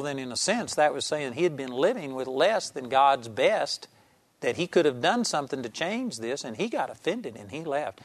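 A man's voice: medium pitch, dry recording. A man preaching a televised sermon, telling a story earnestly and with emphasis, acting out the people in it.

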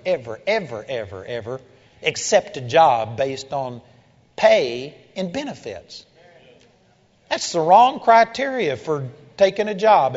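A man preaching a sermon to a congregation and telling a story, building to loud, emphatic peaks. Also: on the high side. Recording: dull, echoey hall recording.

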